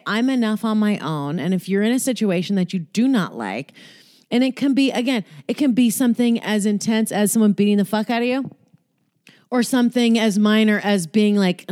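A woman's voice: medium pitch, darkish tone, dry recording, studio quality. A woman talking candidly about a painful relationship and self-worth, frank and profane, with many fillers and restarts. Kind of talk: candid personal talk.

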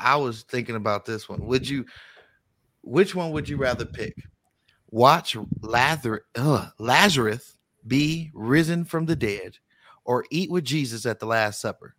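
A man hosting a casual chat show, reading out this-or-that questions in a relaxed way. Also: medium pitch, normal speed, dry recording. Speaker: host.

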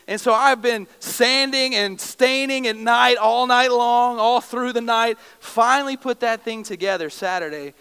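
A man's voice: very high-pitched, steady tone, moderate pace, hardly any pauses, bright, forceful tone, clean tone. A young adult male pastor preaching a sermon, emotive and storytelling with self-deprecating humor. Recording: long reverb of a large hall.

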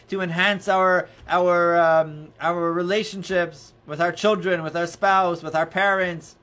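Man, rabbi teaching a class, fairly high voice, chatty storytelling, lots of restarts and fillers. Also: fairly bright tone. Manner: conversational, many restarts and "you know"s, storytelling. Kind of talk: informal Torah lesson. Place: indoors near books.

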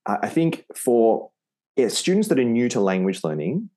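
A man's voice: mid-range voice, very animated, moderate pace, warm tone. A man with an Australian accent, a podcast guest who teaches Spanish, explaining patiently and repeating words to show how they sound. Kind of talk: podcast interview.

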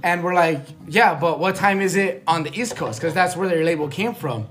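A young man with a high voice tells a rambling story among friends, loose and slangy, laughing between lines. Faint music plays behind him. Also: moderate pace, a bit bright. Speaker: podcast co-host. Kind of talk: casual chat among friends.

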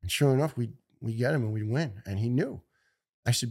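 A middle-aged man, a firefighter, telling personal stories in an earnest, halting way with restarts. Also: medium pitch, darkish tone, slightly rough. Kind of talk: personal storytelling speech.

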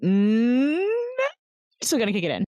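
A woman playing in a tabletop game, blunt and stubborn with a deadpan delivery. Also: a little high, a little slow, muffled recording. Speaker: player. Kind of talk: tabletop role-play.

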